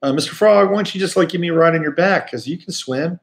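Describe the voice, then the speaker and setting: A sly, wheedling scorpion from an old fable, voiced by a man telling it aloud. It pleads in a quick, persuasive patter, lightly put on rather than fully acted. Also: on the high side, voice pushed up, natural voice.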